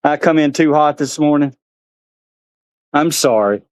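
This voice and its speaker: A man's voice: unhurried, clean tone, no room sound. A man, chatting casually on a handheld camera vlog outdoors at an animal park, talking to the animals. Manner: chatty, talks to animals in a high sing-song. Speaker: vlogger.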